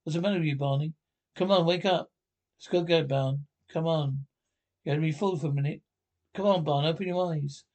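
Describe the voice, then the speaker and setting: A man's voice: on the high side, a little fast, a little mellow, natural voice. An actor playing a blustery, boastful caveman husband in a 1960s cartoon. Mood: pleading.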